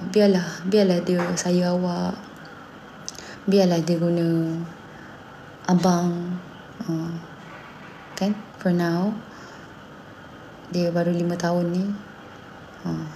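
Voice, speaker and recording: A Malaysian woman in her thirties chats casually in a low, warm, mellow voice. She tells lively stories and slips between English and Malay mid-sentence. A faint hiss sits behind her. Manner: animated storytelling, acting out her son's lines. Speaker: singer and mother. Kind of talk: casual chat.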